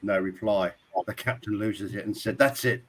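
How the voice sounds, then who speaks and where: A man's voice: on the low side, moderate pace, poor audio. A man co-hosting a live drone show, telling a joke aloud. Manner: lively joke-telling with voices. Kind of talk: live-stream casual chat.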